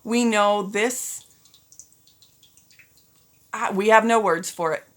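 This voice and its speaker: A woman's voice: medium pitch, takes it slowly. A woman school principal giving end-of-year announcements, upbeat and encouraging, getting a little teary as she talks to students and parents. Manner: upbeat, addresses students as ladies and gentlemen.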